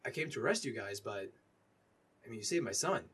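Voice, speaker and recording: Picture a flustered small-town police captain, stammering and apologetic as he hurries his words, put on by a man running the game. The voice sits at a middling pitch and comes out husky and a bit breathy. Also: expressive, brisk, a bit bright.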